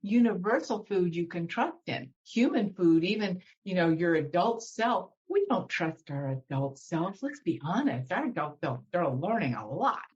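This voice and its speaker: A woman guest speaking as a spiritual teacher, guiding a slow breathing meditation and then talking about emotions in a soothing way. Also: lowish voice, big pitch swings, a little mellow, breathy edge, dull audio. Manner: soothing, slows down to guide breathing. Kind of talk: guided meditation and spiritual talk.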